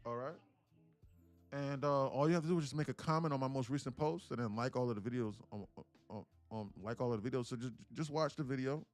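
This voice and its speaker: A man's voice: mid-range voice, quick pace, faint music behind. Slangy rambling man telling a story. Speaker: day trader and livestream host. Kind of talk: casual livestream chat.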